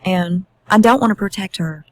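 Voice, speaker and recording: A woman gives voice to a young husband confessing in short, flat admissions. Her husky tone stays mid-pitch and mostly low-key. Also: moderate pace, lightly acted, rough recording.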